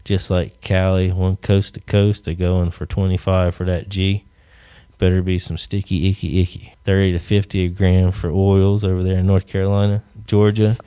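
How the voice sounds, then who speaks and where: Male podcast host, smooth voice, dry close sound, loose profane rambling rant. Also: deep voice, flat delivery, normal speed, dark tone, no echo. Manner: rambling, profane, jokey asides. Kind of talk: casual solo rant.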